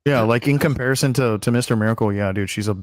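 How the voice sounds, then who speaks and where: A man at an ordinary middle pitch trading blunt, emphatic takes in a podcast chat and cursing freely. The sound is dry and close, with no echo. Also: fast. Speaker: podcast co-host. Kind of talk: casual chat.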